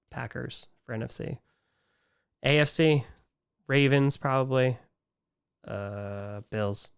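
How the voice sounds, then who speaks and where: A man hosting a casual livestream Q&A, animated and ranting, swinging from excited outbursts to quiet, weary muttering. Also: medium pitch, clear, resonant tone. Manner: ranting, frustrated. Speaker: livestream host answering viewer questions. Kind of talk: casual live-stream chat.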